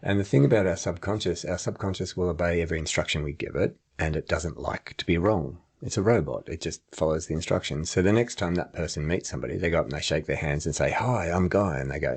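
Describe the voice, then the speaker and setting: Low husky man explaining. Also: fast, hardly any pauses. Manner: explains with acted-out examples and laughs. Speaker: podcast co-host and memory trainer. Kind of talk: casual podcast chat.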